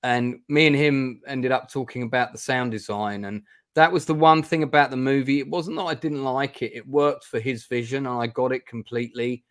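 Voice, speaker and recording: A man's voice: mid-range voice, fairly even intonation, normal speed, smooth. A man hosting a casual film chat over a video call, talking in a chatty, wry way with dry sarcasm and many restarts. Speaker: host.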